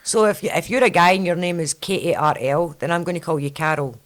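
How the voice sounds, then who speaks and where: A woman with a Scottish accent hosting a podcast in a chatty, rambling way. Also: on the low side. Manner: chatty, quick, rambling storyteller. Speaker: podcast host. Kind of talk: casual chat.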